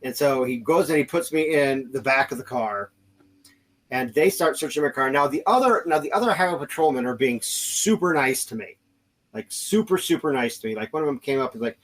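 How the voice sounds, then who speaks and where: A man's voice: medium pitch, expressive, brisk, a bit bright, rough recording. Rambling man telling a story. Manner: rambling, many restarts and fillers, acts out quoted voices. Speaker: podcast host. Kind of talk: casual storytelling.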